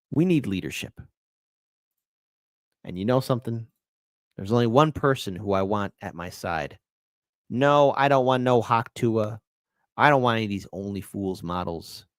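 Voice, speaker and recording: A middle-aged man hosting a casual livestream, joking and giving shout-outs to viewers. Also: fairly low pitch, no echo, clean studio sound. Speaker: livestream host.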